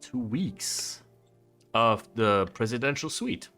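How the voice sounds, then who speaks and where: A man voicing a brusque male hotel manager with a heavy put-on Italian accent, talking fast in a tabletop role-play. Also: mid-range voice, very animated, pushed and bright, faint music behind, heavily acted. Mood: bargaining. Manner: fast, smooth haggling.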